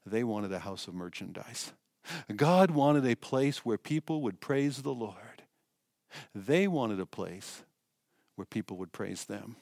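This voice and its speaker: A male pastor preaching a sermon in an emphatic way, swinging between loud passages and hushed ones. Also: lowish voice, creaky, no echo, studio quality.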